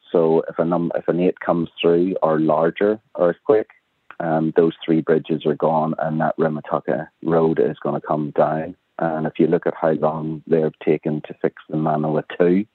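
Belfast man, low voice, phoned-in radio guest, tinny line, matter-of-fact delivery. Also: no room sound. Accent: Northern Irish, Belfast. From Northern Ireland. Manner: plainspoken, matter-of-fact explaining. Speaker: interview guest. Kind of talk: talk radio interview by phone. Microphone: telephone.

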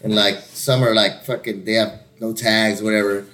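A man telling a rowdy story in casual chat, swearing constantly and jumping into louder, higher voices to act out what people said. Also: moderate pace. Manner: profane, animated, acts out quotes in raised voices.

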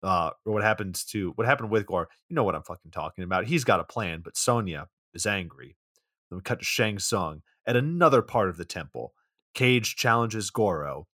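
A man co-hosting a podcast, recapping a film plot in a casual, sardonic way with swearing and deadpan asides. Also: on the low side, brisk, no echo, studio quality. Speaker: podcast co-host.

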